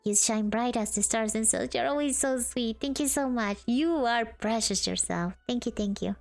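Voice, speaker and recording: A young woman streaming a game, chatting casually and greeting her viewers warmly. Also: fairly high pitch, normal speed, vocal fry, faint music behind. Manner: bubbly, greets chat warmly. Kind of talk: casual chat while gaming.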